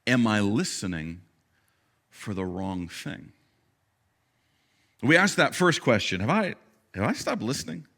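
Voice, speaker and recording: At a church service, a pastor preaches a sermon, telling the story with animated energy that drops into quiet asides and climbs to loud, emphatic peaks. His voice is on the low side, unhurried and creaky, with frequent pauses. He often repeats words as he restarts.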